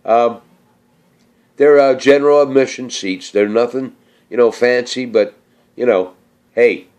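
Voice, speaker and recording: A middle-aged man talks casually on his vlog about cooking and calls out viewers, his medium-pitched, slightly mellow voice keeping a measured pace. He rambles with many fillers, and his speech is slightly slurred.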